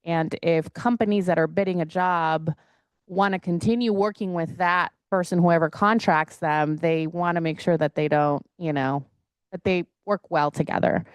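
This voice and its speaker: A woman's voice: lowish voice, steady tone, moderate pace, clean tone, dry recording. A woman speaking as a councilmember at a city council meeting, talking hesitantly with many fillers and restarts.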